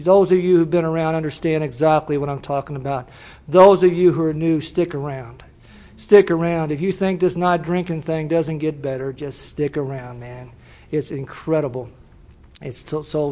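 A man's voice: on the high side, darkish tone. An older man telling his story to a recovery meeting in a folksy, storytelling way, laughing now and then. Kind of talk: personal testimony. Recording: dull lo-fi recording.

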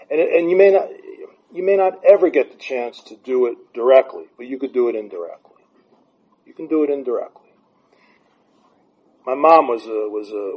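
Blunt husky man giving recovery advice. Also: medium pitch, a little mellow. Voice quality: blunt, profane, storytelling. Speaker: recovery speaker. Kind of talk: candid advice talk. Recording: dull lo-fi sound.

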